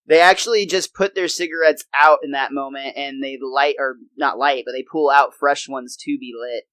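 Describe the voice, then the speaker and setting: A man's voice: mid-range voice, fairly even intonation, normal speed, fairly bright tone, dry recording, low-quality recording. A young man co-hosting a podcast, enthusiastically recapping a cartoon episode in a casual, chatty way. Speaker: podcast co-host.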